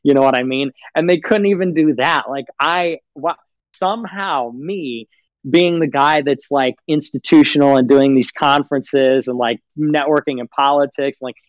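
A man's voice: a little high, moderate pace, no room sound, muffled recording. A man in casual livestream chat, mocking and rambling with lots of fillers and frequent laughs. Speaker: livestream guest.

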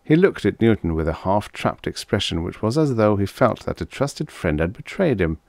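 Man reading a sci-fi audiobook, very low voice, dry close sound, steady pace. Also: vocal fry, no echo. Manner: even, measured reading. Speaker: audiobook narrator. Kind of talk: scripted narration.

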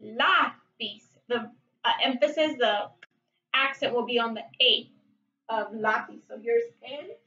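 A woman teaching a vocabulary lesson, saying each word slowly and carefully. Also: on the high side, bright, forceful tone, recorded from a distance. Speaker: Spanish teacher. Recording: dull, roomy sound from off-mic.

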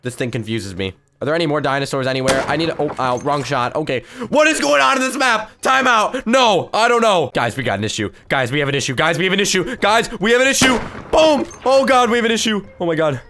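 A young man hosting a gaming video, giving excited play-by-play and shrieking in mock panic. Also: a little high, fast talker, hardly any pauses, music in the background. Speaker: YouTube gaming host. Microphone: desk mic with face cam.

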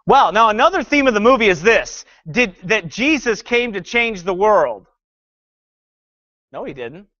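A man's voice: high voice, big pitch swings, unhurried, a bit bright, no room sound, muffled recording. A male pastor preaching a sermon that critiques a film, fervent and sarcastic by turns, often reading scripture aloud.

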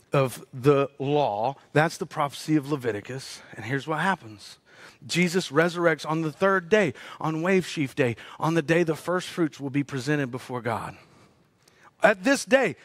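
A man preaching a sermon as pastor, swinging between loud rising peaks and hushed low asides. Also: no room sound, studio quality.

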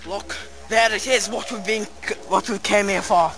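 A man playing a sidekick in a spoof nature documentary, mock-serious and melodramatic, yelling outdoors in the woods. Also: high voice, fairly even intonation, normal speed, creaky. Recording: noisy outdoor camcorder audio.

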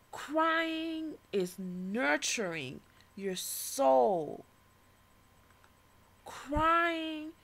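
A woman performing her own spoken-word poem with passion and a preaching tone, dropping to whispers and then rising to loud declarations. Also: a little high, creaky. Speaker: poet. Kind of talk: spoken-word poetry recital.

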